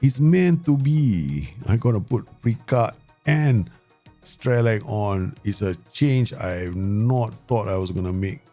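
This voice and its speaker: A man hosting his gaming channel, giving live commentary and talking to himself and the viewers in an excitable way. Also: on the low side, takes it slowly, soft background music. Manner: excitable, talks to himself and the viewers, frequent laughs.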